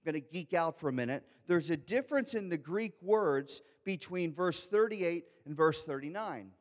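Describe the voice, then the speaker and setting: Man preaching a sermon, slightly high voice, loud fervent bursts, long hall echo. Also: moderate pace. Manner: animated preaching, shifts from soft asides to loud shouted quotes. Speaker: pastor. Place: large church hall. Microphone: handheld or headset microphone.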